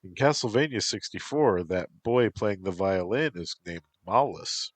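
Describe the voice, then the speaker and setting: A man's voice: on the low side, animated, a little slow. Eager young gamer guy, read by a man. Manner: eager, rambling.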